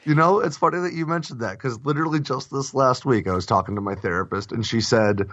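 A man's voice: mid-range voice, fast, fairly bright tone, dry recording. Plain-spoken man on a dull lo-fi line. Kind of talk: casual podcast conversation. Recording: dull, lo-fi dry recording.

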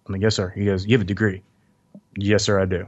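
A man's voice: sits low, quick pace, dull audio. A man, a former Marine tank officer, telling stories in a casual interview and acting out what others said. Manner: animated, quotes others in his stories.

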